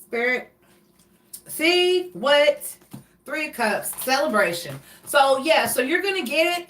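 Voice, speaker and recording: A woman with a fairly high voice gives a loose, chatty tarot reading and reads card meanings from a book. She sits a little back from the mic in an echoey room. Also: pushed and bright, recorded from a distance. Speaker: tarot reader.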